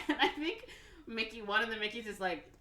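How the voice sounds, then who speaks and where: A woman's voice: a little high, lively intonation, moderate pace, sharp tone. A woman podcast co-host casually retelling a film plot in a rambling way, full of "like" and "or whatever" and acting out the characters' lines. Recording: roomy echo, mic off at a distance.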